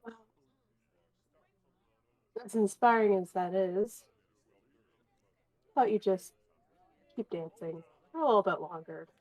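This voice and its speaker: A woman's voice: medium pitch, slow pace, pauses often, darkish tone, no echo. A woman playing in a tabletop role-playing game, talking in a casual, wry way. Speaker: player. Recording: dry, dull lo-fi mic.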